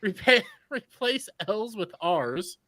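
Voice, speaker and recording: A man hosting a podcast in casual chat, joking and rambling through quick asides. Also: sits high, sing-song, sharp tone, dry recording. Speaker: podcast host.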